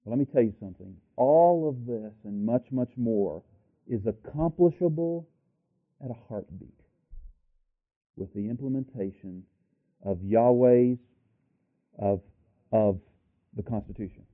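Preaching a sermon at a measured pace, a mid-range male voice pushes the congregation with one rhetorical question after another, pausing often. He builds to loud, emphatic peaks. The audio is thin and tinny, as if heard over a phone.

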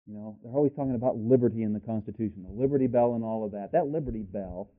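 A man preaches a sermon and presses the congregation with rhetorical question after question. His voice swells to loud, emphatic peaks. The recording is thin and tinny, like a phone line. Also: lowish voice, fast.

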